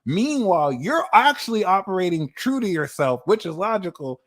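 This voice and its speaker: A man in his thirties giving a livestream tarot reading, talking in a blunt, animated way and swearing freely. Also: sits high, moderate pace, noisy background. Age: 30s. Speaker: tarot reader.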